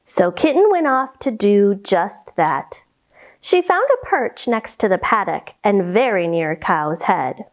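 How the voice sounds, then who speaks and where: A woman yoga instructor leading a children's yoga storytime, reading a picture book in a gentle, playful, instructive way. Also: mid-range voice, sing-song, slow pace.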